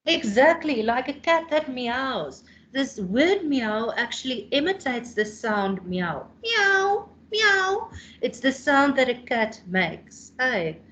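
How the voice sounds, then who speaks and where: A woman's voice: fairly high pitch, animated, slow pace, few pauses, fairly bright tone, a little hiss or hum. A South African woman in her thirties teaching a revision lesson, explaining patiently and calling on students by name. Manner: explains patiently, calls on students by name, tags questions with "hey?".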